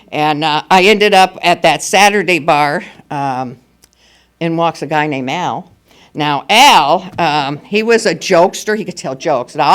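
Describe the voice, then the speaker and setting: An older woman speaking at a recovery meeting, telling her personal story candidly and with humor. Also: sits low. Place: meeting room at a school.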